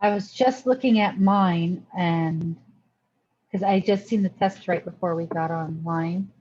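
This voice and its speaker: A woman's voice: on the low side, unhurried, a little mellow, lo-fi sound. A woman student on an online class call, speaking hesitantly as she explains herself.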